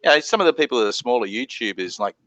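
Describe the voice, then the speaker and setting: A middle-aged Australian man chatting casually as host of a live stream, laid-back and quick to greet viewers. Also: medium pitch, expressive, fairly bright tone, dry recording, muffled recording.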